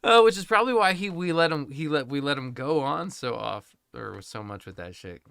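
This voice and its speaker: A young man tells a rambling story on a casual podcast. His voice is bright and clear, and his pitch swings widely. He swears freely and laughs between lines, and the sound is close and dry. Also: lively intonation, a little fast, no room sound. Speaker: podcast co-host.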